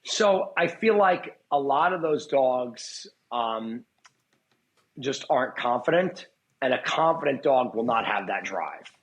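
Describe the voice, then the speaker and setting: A man's voice: medium pitch, expressive, takes it slowly, fairly bright tone, rough recording. A man being interviewed as a guest dog trainer, talking in a blunt, profane way and voicing what dogs think. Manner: blunt, profane, acts out dogs' thoughts. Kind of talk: casual podcast interview.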